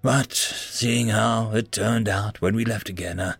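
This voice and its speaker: A man voicing a weary soldier who recounts his battles in a halting, subdued way. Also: lowish voice, fairly even intonation, husky, dry recording, faint music behind, voice pushed down. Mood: reflective. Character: hesitant, world-weary male soldier.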